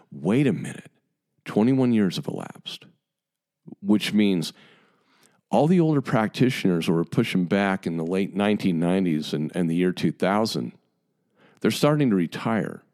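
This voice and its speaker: His voice is lowish with a darkish tone. He's a dentist of many years, in his fifties, venting to colleagues in an emphatic, exasperated monologue where he hammers and repeats each point.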